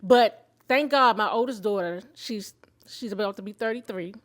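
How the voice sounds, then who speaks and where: A woman in her fifties telling her own story of illness and faith, candid and emotional, in an expressive conversational way. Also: mid-range voice, moderate pace. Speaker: show host sharing her own story. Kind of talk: personal testimony in conversation.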